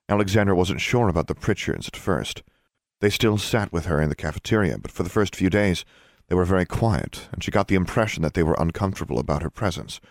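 Male audiobook narrator, low voice, dry close sound, measured storytelling. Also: no room sound. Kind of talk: scripted narration.

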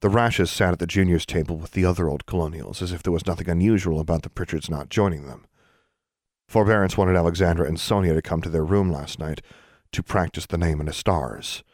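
A man narrating a fantasy novel audiobook in a calm, even reading. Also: low-pitched, fairly quick, dry recording, clean studio sound. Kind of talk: scripted narration.

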